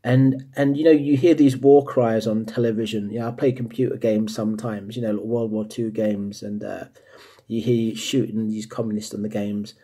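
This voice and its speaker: A man from the United States, living in England, talking casually to the camera, often pausing with ums and restarting his sentences. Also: on the low side, level tone, dark tone, slightly rough. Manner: hesitant, many ums and restarts. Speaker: vlogger.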